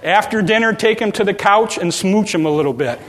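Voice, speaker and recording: A man's voice: high voice, expressive, fairly quick, fairly bright tone, long reverb tail. A man preaching a sermon in a folksy, humorous way, acting out little everyday scenes. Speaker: pastor.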